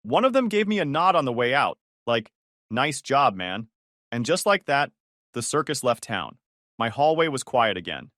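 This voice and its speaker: A man's voice: mid-range voice, fairly bright tone, no room sound, studio quality. A man narrating a first-person story in a smug, cutting manner.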